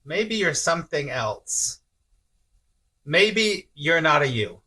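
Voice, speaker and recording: A man's voice: on the high side, very animated, slow pace, bright, forceful tone, breathy edge. A man giving a casual spiritual talk on a live stream, reading viewer comments aloud, often chuckling and repeating himself. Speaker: spiritual teacher.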